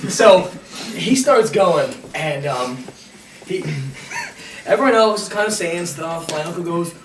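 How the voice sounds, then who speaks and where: A man's voice: on the high side, lively intonation, unhurried, a little hiss or hum. A man telling a story casually to friends, laughing through his words and swearing freely. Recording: echoey room, far from mic, chatter around.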